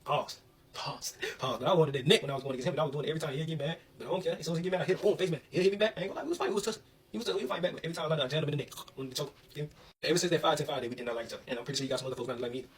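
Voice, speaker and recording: A young man from Alabama telling a story in an animated, slangy way. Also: on the high side, racing, distant mic, a little hiss or hum, low-quality recording. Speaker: vlogger. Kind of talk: casual storytelling.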